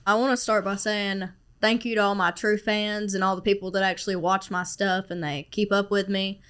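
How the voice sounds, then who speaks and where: A young woman, hosting a casual podcast, soft-spoken and giggly with a nervous edge. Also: medium pitch, level tone, fairly quick, clear, resonant tone. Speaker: podcast host.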